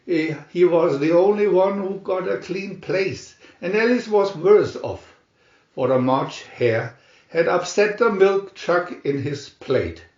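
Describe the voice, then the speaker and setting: A man reading a storybook aloud slowly and expressively. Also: sits high, expressive, a little mellow. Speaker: storybook reader. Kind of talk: read-aloud storybook narration. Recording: roomy muffled home recording.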